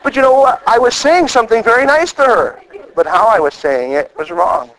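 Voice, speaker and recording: Male pastor, middle-aged, high-pitched, animated sermon delivery with acted-out quotes. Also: brisk, rough recording. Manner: animated storytelling, acts out quoted lines.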